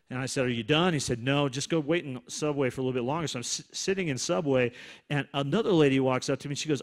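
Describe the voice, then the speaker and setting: A man shares a prayer testimony in a relaxed, conversational way, dropping quick asides as he goes. His voice sits at an ordinary middle pitch and carries no studio polish. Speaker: minister sharing a testimony. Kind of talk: storytelling testimony.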